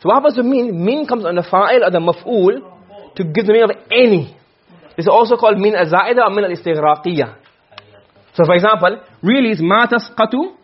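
A man's voice: high voice, husky, highs cut off. A man teaching a class on Arabic grammar, quizzing his students with frequent questions.

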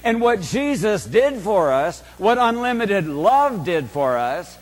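A man preaching a sermon in a church, slow and emphatic, putting rhetorical questions to the congregation. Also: high voice, big pitch swings, long reverb tail. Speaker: pastor.

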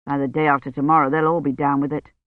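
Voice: mid-range voice, level tone, quick pace, no room sound, narrow, tinny audio, voice pushed down, close to an everyday voice. A narrator voicing a curt, irritable older male scholar in an audiobook. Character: weary irritable older male college don.

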